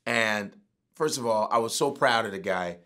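A middle-aged man and comedian talking casually as a guest, animated and profane. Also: on the low side, moderate pace. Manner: animated, profane, prone to outbursts. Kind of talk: casual interview chat.

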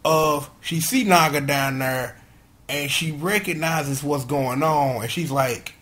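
A man's voice: fairly high pitch, slow, a bit bright. A man giving a casual, joking video review of a kids' superhero episode in heavy slang. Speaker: show reviewer.

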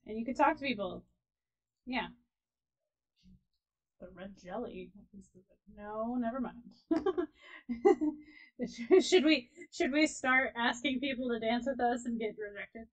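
Woman, let's play host, casual gaming commentary, fairly high pitch, giggly, trails off. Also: expressive, slow pace, long pauses, muffled recording. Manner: chatty, giggly, trailing off softly.

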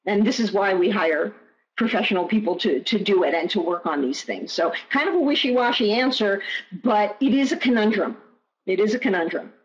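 A woman's voice: medium pitch, animated, fairly quick. A woman presenting in a webinar, answering questions in an emphatic way and repeating key phrases. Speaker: guest presenter. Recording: muffled online audio.

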